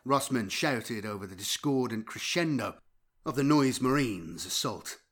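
A man reading war fiction aloud as an audiobook, with an intense delivery that swells sharply in loudness. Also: medium pitch. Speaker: narrator.

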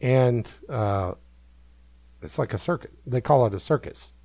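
A man's voice: mid-range voice, expressive, measured pace, warm tone, dry recording. A man hosting a podcast, telling a story in a rambling, self-amused way with many fillers. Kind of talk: casual storytelling.

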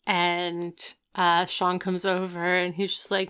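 A woman casually recapping a show, retelling scenes with quick quoted lines. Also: fairly low pitch, level tone, a bit bright, clean tone. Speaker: podcast co-host recapping a show. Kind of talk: casual chat.

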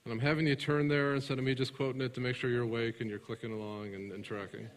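A man preaching a sermon, alternating between loud emphatic passages and hushed, soft ones, and putting questions to his congregation that he answers himself. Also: medium pitch, level tone, quick pace. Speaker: pastor. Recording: reverberant large room.

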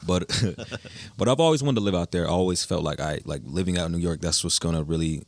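A young musician guest in an interview tells stories in laid-back, slangy casual talk. His voice is low-pitched and a little fast, with no echo.

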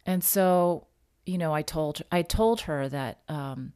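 Low-voiced woman telling a personal story. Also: mellow, smooth, no room sound, studio quality. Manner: halting, reflective, frequent restarts. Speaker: podcast guest sharing a personal story.

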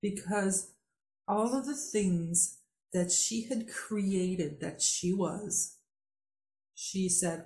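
Slow, heartfelt woman host in an echoey room. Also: mid-range voice, warm tone. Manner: heartfelt, drawn-out storytelling. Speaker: podcast host. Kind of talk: conversational interview.

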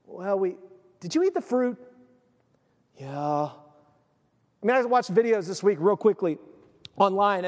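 A man preaching in a church sanctuary, his voice very high for a man and carried by a long hall reverb. He tells stories with animation and slips into the voices of the people he describes. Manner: animated storytelling, acts out quoted voices. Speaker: pastor. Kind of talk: sermon.

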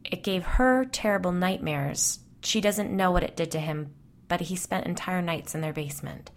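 A woman host calmly narrating a scripted ghost story. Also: on the low side, moderate pace.

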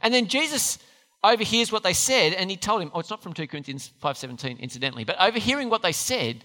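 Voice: mid-range voice, lively intonation, fast, bright, forceful tone. A preacher giving a sermon, speaking with emphasis and putting questions to the listeners. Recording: long hall reverb.

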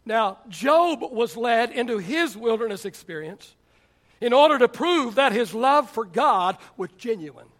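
Man, sermon, very high pitch, animated storyteller. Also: measured pace. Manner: animated storytelling preacher, acts out quotes. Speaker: pastor.

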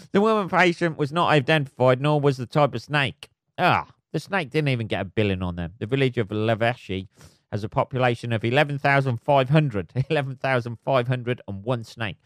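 A man talks alone into the mic for his podcast. He rambles from one point to the next, swears freely and laughs at his own jokes. His voice sits at an ordinary pitch in a dead, dry room. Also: a little fast, dry recording. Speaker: podcast host. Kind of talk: solo podcast monologue.

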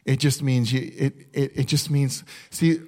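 A man preaching a sermon at a mid-range pitch, earnest and conversational. He often restarts his sentences as he talks, and he slows right down to read a list one item at a time. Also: fairly even intonation, warm tone. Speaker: pastor.

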